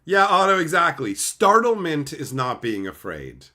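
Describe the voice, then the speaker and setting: This man has a fairly high voice and talks a little slowly. He's streaming casually, reading chat and ranting, and he swears a lot and does voiced impressions of other people in an animated way.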